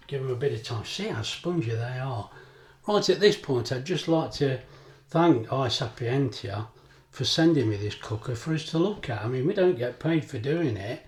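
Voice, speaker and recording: A man's voice: medium pitch, darkish tone, a little hiss or hum. Chatty older man in kitchen. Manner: chatty, rambling anecdotes, laughs often. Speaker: cooking vlogger. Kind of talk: casual kitchen vlog chat.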